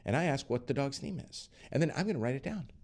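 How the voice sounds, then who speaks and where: A middle-aged man hosting a casual interview, talking in a lively way and acting out the voices of people he quotes. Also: medium pitch, fast talker. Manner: animated, acts out quoted voices. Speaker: podcast host.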